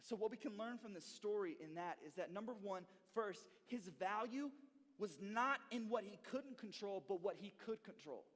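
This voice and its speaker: A young man preaches to a youth group in an energetic, slangy storytelling style. His voice sits high. Long reverb from a big hall trails behind him. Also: moderate pace. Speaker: youth pastor. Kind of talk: sermon to youth.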